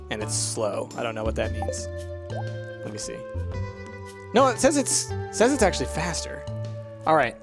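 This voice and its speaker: A man's voice: fairly high pitch, vocal fry. A man casually commenting on a video game as he plays it, chatty and thinking aloud, with plenty of ums and uhs. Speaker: let's play host. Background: faint game music.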